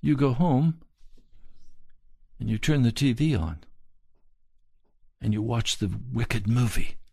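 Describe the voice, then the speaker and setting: Slow, pleading male preacher, dry sound. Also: mid-range voice, creaky, warm tone, husky, no room sound. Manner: earnest, pleading, slow and deliberate. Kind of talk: sermon.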